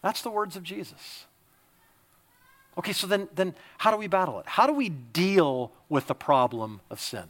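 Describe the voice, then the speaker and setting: Pastor guy preaching, high bright voice, gets loud and punchy then goes quiet. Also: expressive, normal speed. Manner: emphatic, swings from loud exhortation to quiet confiding. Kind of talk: sermon.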